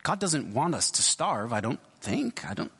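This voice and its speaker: A man's voice: medium pitch, sing-song, normal speed, gravelly, fairly bright tone, breathy edge. A man preaching a sermon in a conversational way, thinking aloud and often restarting his sentences. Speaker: pastor. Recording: long reverb of a large hall.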